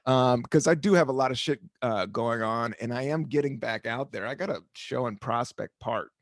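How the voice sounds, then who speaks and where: A man's voice: mid-range voice, normal speed, no echo, clean studio sound. A man hosting his own podcast, talking casually in a laid-back, rambling way that jumps between topics and sometimes turns playfully sing-song. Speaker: podcast host and comedian. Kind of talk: casual solo podcast monologue.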